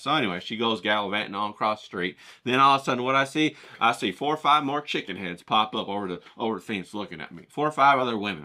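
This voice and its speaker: A man's voice: medium pitch, lively intonation, fast, hardly any pauses, bright, forceful tone. A man telling a crude comic story in a brash, profane, rambling way, as a vlogger who paints.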